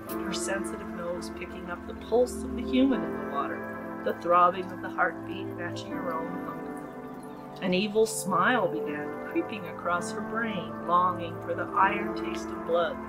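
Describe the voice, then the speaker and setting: Casting: woman author reading aloud, animated delivery, music underneath. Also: on the low side, rough recording. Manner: expressive, dramatic reading with slips. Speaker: writer reading her story. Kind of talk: story reading at a writers' group. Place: garden art gallery.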